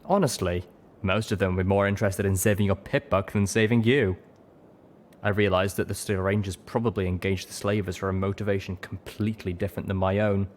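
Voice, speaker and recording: A man narrating a story in first person with a steady, dramatic reading. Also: low voice, brisk, slight background noise. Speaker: audiobook reader.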